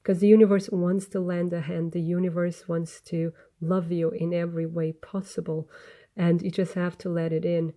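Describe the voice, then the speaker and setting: Mellow-voiced woman giving a tarot reading. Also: lowish voice, flat delivery, normal speed. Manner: gentle, earnest, meandering with restarts. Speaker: tarot reader. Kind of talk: spoken tarot reading to camera.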